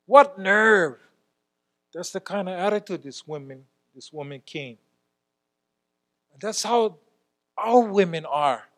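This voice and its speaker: A man preaching a sermon as a church elder, talking emphatically and swinging between loud exclamations and quiet asides. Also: high-pitched, expressive, slow, long pauses.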